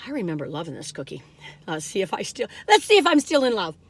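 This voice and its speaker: A woman's voice: medium pitch, big pitch swings, quick pace, slightly rough, no echo. A woman chatting through a cookie taste-test, humming and singing snippets between bites and talking with her mouth full. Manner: chatty, breaks into snippets of song; talks while chewing, savoring sounds. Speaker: food reviewer. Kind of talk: casual taste-test chat.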